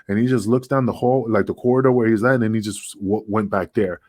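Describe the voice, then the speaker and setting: A man's voice: lowish voice, fast talker, dry recording, studio quality. A middle-aged man, a podcast guest, telling a story casually with heavy swearing, acting out the dialogue as he goes. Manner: profane, animated, acts out dialogue.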